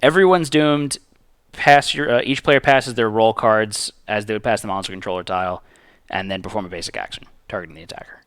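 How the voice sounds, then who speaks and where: A man hosting a streamed board game session, reading rules aloud and counting dice in a casual, animated way. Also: on the low side, brisk, clear, resonant tone, no room sound. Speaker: game host.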